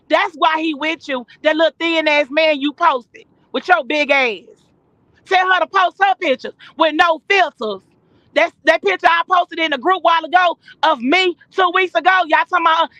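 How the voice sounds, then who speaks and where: A woman ranting loudly and profanely as a guest on a live stream, talking from her car while driving. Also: very high-pitched, dry recording. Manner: loud, profane, confrontational, fast bursts. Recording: muffled lo-fi stream audio.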